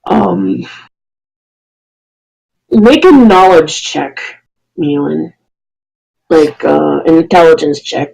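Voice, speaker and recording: Gravelly-voiced game master who narrates the scene and stops to self-correct. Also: medium pitch, takes it slowly, long pauses, darkish tone, low-quality recording. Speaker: dungeon master.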